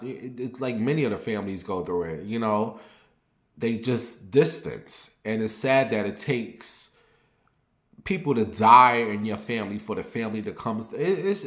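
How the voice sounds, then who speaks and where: A young man chatting candidly to his viewers, confiding and rambling, then lively and sassy when he tells a story. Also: lowish voice. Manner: turns lively and sassy when telling stories. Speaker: vlogger. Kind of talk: casual personal chat to camera. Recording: roomy echo.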